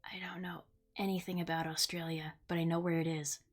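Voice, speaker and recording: Speaking a little fast in a lowish, level voice, a young woman from the Midwest runs a live stream. Her casual chat is sarcastic and blunt, with plenty of swearing.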